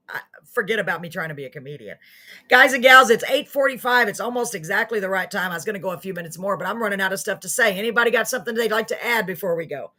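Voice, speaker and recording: A woman hosts a homespun live show, chatting casually to the people watching. She teases herself and thanks her viewers warmly, her voice bright and clear at an everyday middle pitch. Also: lively intonation, quick pace. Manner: chatty, self-mocking, warm toward viewers. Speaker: host of a live online show. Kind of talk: casual livestream chat to viewers.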